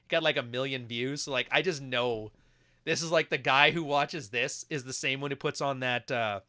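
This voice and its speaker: Male podcast host, bright punchy voice, crude joking reaction commentary. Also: medium pitch, moderate pace. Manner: crude, joking, frequently laughing.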